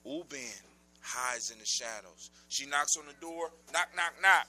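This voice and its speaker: A man's voice: medium pitch, unhurried. A man telling a folk story live, talking straight to his listeners. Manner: animated, addresses listeners directly.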